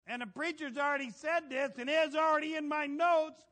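A middle-aged man preaching a folksy, animated sermon, asking the congregation for amens. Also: extremely high pitch, fast talker, hardly any pauses.

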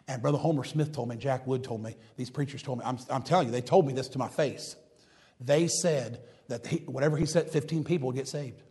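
A man's voice: mid-range voice, fairly quick. A man preaching a fervent, repetitive sermon and reading scripture aloud. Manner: fervent, repetitive, builds to loud emphatic preaching; reads scripture in old-fashioned wording.

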